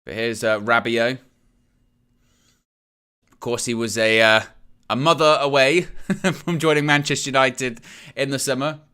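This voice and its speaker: Bright, clear-voiced man commentating live. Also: medium pitch, fairly even intonation, unhurried, long pauses. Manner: casual running commentary with fillers. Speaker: fan channel host. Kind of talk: live match commentary stream.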